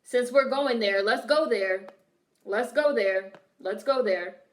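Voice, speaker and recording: A woman's voice: on the high side, slow. A woman streamer reacting to a film, chatting casually, laughing often and reading her chat aloud.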